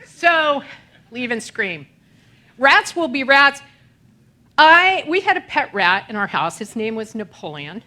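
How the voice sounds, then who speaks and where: A middle-aged woman preaching in a relaxed, conversational way, her fairly high voice swooping widely as she spins self-deprecating stories. Her tone is bright and sharp, and she laughs easily at herself along the way. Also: slow. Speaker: minister. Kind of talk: conversational sermon.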